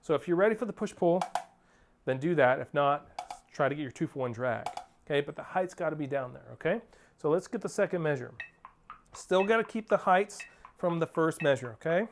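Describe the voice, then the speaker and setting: A man's voice: a little high, lively intonation, a little fast, background noise. Man coaching drum rudiments. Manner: coaching, counts off and sings rhythms as syllables. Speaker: percussion teacher. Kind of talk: instructional drum lesson. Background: percussion playing.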